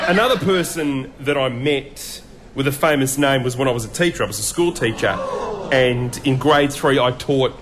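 A man with an Australian accent hosting a breakfast radio show, doing a mock stand-up warm-up in joking banter. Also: medium pitch, noisy background. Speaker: radio host. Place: radio studio.

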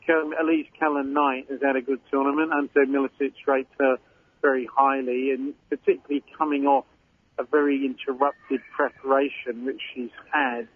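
A man's voice: mid-range voice, slightly rough, no echo. A man in his sixties with a Cockney accent, a football pundit chatting casually on the radio in a rambling way with many fillers. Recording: tinny phone line.

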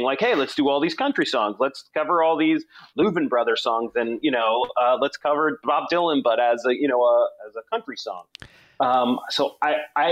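A man hosting a casual music chat, reading out a ranked list and giving his own picks. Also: mid-range voice. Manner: brief acknowledgments, reads a ranked list. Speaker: podcast host. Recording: dull lo-fi sound.

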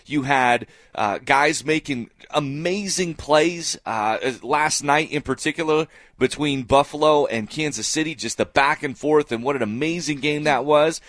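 A man's voice: on the high side, a little slow, hardly any pauses, fairly bright tone, no echo. Emphatic male sports talk host. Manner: emphatic, repeating phrases for effect.

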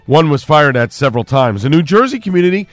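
A male radio newscaster, reading local news, sports and an ad in a brisk, even way. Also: on the high side, no echo. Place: radio studio.

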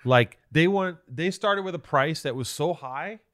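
His voice sits on the high side, fairly bright and animated, at a moderate pace. As a podcast co-host chatting casually, he spins out a lengthy story, cursing a lot and repeatedly starting sentences over.

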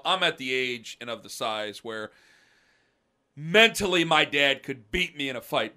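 Male podcast co-host, casual animated storyteller, bright and sharp tone. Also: medium pitch. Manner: animated, acts out voices of people in his story.

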